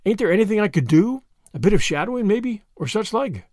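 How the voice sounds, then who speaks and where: A man doing a wide-eyed young lift boy, eager, breathless, working-class slang, animated. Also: high voice, a little fast, no echo, clean studio sound, voice pushed up.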